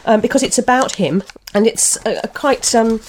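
A woman's voice: on the high side, moderate pace, a little hiss or hum. A woman novelist discussing a book and reading from it, thoughtful and full of restarts. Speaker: novelist guest.

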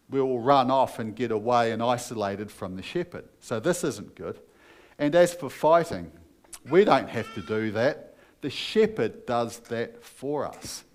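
A man preaching a sermon as pastor, earnest and emphatic, putting questions to his listeners. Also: mid-range voice.

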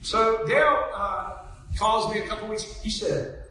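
A woman telling stories in a sermon, chatty and animated, laughing as she goes. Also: medium pitch, a little slow. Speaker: preacher. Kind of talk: storytelling sermon. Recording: echoey church hall, mic from a distance.

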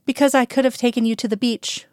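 A gentle, wry man who talks quietly and kindly in a smooth, clear voice, as a woman reading a story lends him her own tone. The read is dry and close to the mic, with no room sound around it. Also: fairly high pitch, fairly even intonation, fast talker, no room sound, pitched above the performer's own voice, natural voice.

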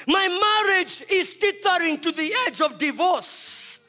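Male pastor, very high and bright voice, preaching with sudden shouts and hushed drops, music under the sermon. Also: animated, a little slow, few pauses. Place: church.

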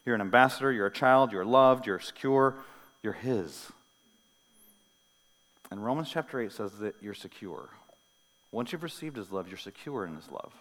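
A male pastor giving a sermon, moving between hushed, intimate lines and loud, emphatic ones, with casual asides and light humor. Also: medium pitch, moderate pace, pauses often, in a large hall. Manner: animated preaching, swinging from soft to loud. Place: church sanctuary.

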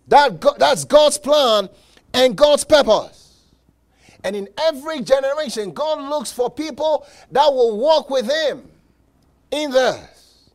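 Slow high-voiced male preacher. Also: expressive. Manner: slow, emphatic preaching with repeated words and dramatic pauses. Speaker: pastor. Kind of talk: sermon.

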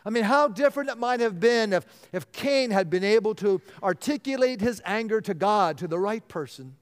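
A man preaches a sermon in a high, resonant voice, earnest in tone and often sinking to a hush to press a point home. His words ring out with the long reverb of a large church sanctuary. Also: lively intonation, moderate pace. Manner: earnest, drops to a hushed voice for emphasis. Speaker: pastor.

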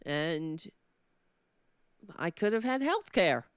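Smooth-voiced sardonic New York woman host. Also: lowish voice, very animated, takes it slowly, no room sound, clean studio sound. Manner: sardonic, building to impassioned ranting. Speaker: political commentary host. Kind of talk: monologue commentary.

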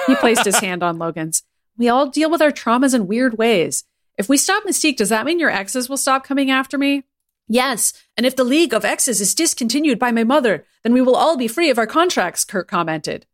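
A woman co-hosting a podcast, reading a silly fan story aloud with playful laughter. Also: on the high side. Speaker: podcast co-host. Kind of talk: comedic reading of fan fiction.

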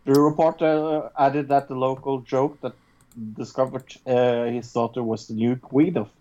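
A woman with a low, mellow voice co-hosts a casual news podcast. She talks loosely, with plenty of fillers. The recording sounds dull and lo-fi. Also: flat delivery, normal speed. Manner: casual, filler-heavy, swears offhandedly. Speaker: podcast co-host. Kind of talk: casual chat and reading news stories.

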